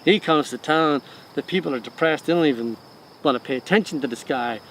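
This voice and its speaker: A middle-aged man with a fairly high voice tells a story in an easy, conversational way, acting out the voices of his characters. A faint hiss of noise sits under his voice. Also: brisk. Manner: animated storyteller who acts out quoted voices. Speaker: wellness center director.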